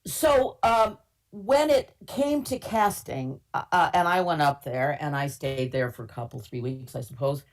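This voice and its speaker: A woman's voice: sits low, animated, measured pace. An older woman from Minnesota, a casting director, tells stories from her work in a chatty, candid webinar interview, with wry humor and many fillers. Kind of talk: webinar interview, anecdotal storytelling.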